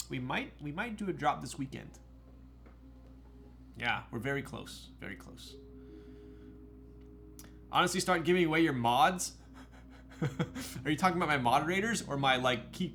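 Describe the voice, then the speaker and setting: There's a little hiss or hum behind this young man's high, bright, forceful voice. Building a keyboard on a live stream, he banters casually, teases viewers, and reads their messages out.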